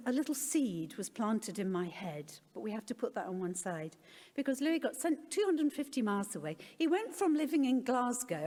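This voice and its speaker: A woman's voice: on the high side, warm tone. A middle-aged woman giving a candid personal talk as a conference speaker, with wry self-deprecating humour. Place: conference hall. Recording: long reverb of a large hall.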